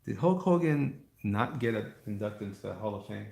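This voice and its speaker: A man hosting a live stream draws while chatting casually with viewers, rambling, poking fun at himself, chuckling often, and talking to the chat. His fairly low voice is expressive and a little mellow, with vocal fry, at normal speed.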